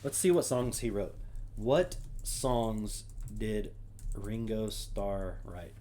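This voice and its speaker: A man's voice: lowish voice, takes it slowly, dark tone, slight background noise. A man hosting a casual solo stream, reading names aloud and adding wry, offhand asides. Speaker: streamer host.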